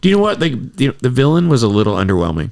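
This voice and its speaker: A man co-hosting a podcast in casual chat, stuffed up from allergies, animated and profane, laughing often. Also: mid-range voice, very fast. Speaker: podcast co-host. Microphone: desk microphone.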